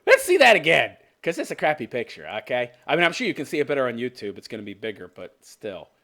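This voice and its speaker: A man in his fifties rants through a video commentary, his pitch swinging widely as he mocks and swears. He talks with a sarcastic bite and keeps breaking into laughter. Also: huge pitch swings, quick pace, fairly bright tone. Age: 50s. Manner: mocking, sarcastic, profane, laughs often. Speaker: commentary show host.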